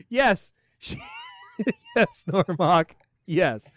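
Animated sarcastic male podcast host. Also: sits high, no room sound, clean studio sound. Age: middle-aged. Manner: animated, sarcastic, laughs often. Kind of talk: casual comedic commentary.

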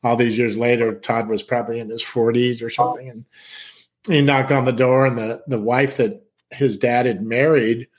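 A man's voice: mid-range voice, flat delivery, normal speed. A middle-aged man from San Diego telling a long personal story in casual chat, acting out other people's lines and swearing casually. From San Diego, California.

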